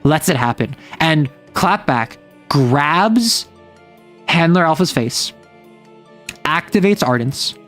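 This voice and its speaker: A man's voice: on the high side, animated, takes it slowly, pauses often, fairly bright tone, faint music behind. Rambling man recapping a game. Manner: rambling, many "like" fillers. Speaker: tabletop game player recapping a session. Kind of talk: casual storytelling recap.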